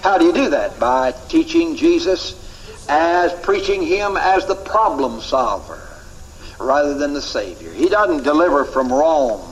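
A man's voice: fairly high pitch, big pitch swings, measured pace, a little hiss or hum, poor audio. A man teaching a Bible class, emphatic, repeating key phrases and asking rhetorical questions.

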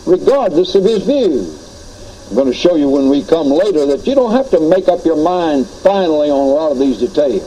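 A man's voice: fairly high pitch, mellow, slight background noise, rough recording. A man preaching a teaching sermon on doctrine, earnest and explanatory, often retelling anecdotes.

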